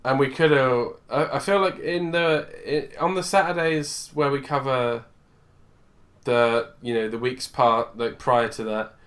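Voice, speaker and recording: Tired and dry-throated, a man co-hosting a podcast chats casually in a medium-pitched, fairly bright voice with fairly even intonation. He speaks unhurriedly, rambling and interrupting himself as he goes.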